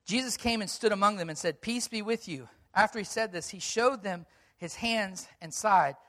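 A pastor delivers a sermon to a gathered congregation. The voice sits at a middle pitch and leans hard on key words, earnest and emphatic as the story unfolds. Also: moderate pace, a bit bright.

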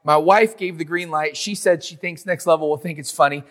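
A man's voice: fairly high pitch, a little fast, a bit bright, big-room sound. A man preaching a sermon in a conversational way, acting out biblical figures in modern slang. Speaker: pastor.

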